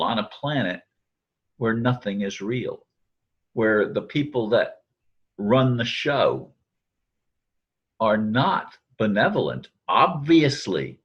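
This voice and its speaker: A man's voice: lowish voice, slightly rough, dull audio. An older man musing aloud in a daily video monologue, quoting friends and often correcting himself. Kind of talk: reflective spoken monologue.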